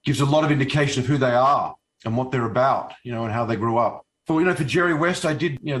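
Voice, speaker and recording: A man from Australia with an Australian accent, a guest actor talking in a casual interview, halting with many fillers and restarts. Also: medium pitch, a bit bright.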